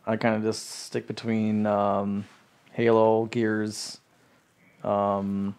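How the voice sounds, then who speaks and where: A laid-back man appearing as a podcast guest, keeping his answers short and easygoing. His voice sits somewhat low for a man. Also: completely flat delivery, drawn-out words, darkish tone. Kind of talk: casual chat.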